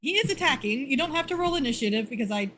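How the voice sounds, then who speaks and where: A woman's voice: high voice, animated, fast, a bit bright, slight background noise, poor audio. A woman narrating a tabletop game as game master, casual with laughing asides.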